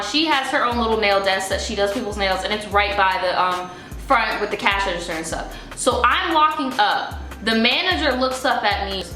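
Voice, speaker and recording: A young woman telling a storytime vlog in a sassy, profane, animated way, in an echoey room with faint music. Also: fairly high pitch. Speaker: vlogger.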